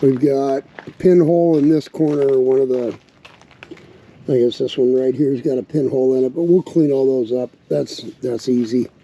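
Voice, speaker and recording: A man in a relaxed, casual vlog, thinking aloud as he talks through a project outdoors, with a slight bark in his voice. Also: medium pitch, normal speed. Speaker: RV vlogger building a truck tank. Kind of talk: casual workshop vlog narration. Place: outdoors at a windy campsite. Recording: dull lo-fi outdoor recording with wind noise.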